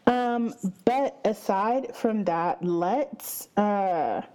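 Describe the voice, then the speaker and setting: A woman in her twenties hosting her own podcast, chatting casually and upbeat, with many fillers and drawn-out greetings. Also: mid-range voice, lively intonation, mellow, poor audio. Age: 20s. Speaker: podcast host. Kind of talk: casual solo podcast chat.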